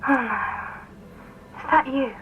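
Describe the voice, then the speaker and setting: A woman's voice: high-pitched, very slow, dull audio, very noisy. Drowsy woman on a bad line. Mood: sleepy. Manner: plaintive, drowsy, often whispered. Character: sleepy confused woman woken by a late call. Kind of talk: game voice acting.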